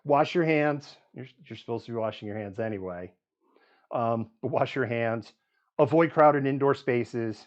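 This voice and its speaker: A man's voice: medium pitch, muffled recording. Man reeling off statistics on a live show. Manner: reels off statistics with frequent fillers. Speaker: host of a live news show. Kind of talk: live news commentary.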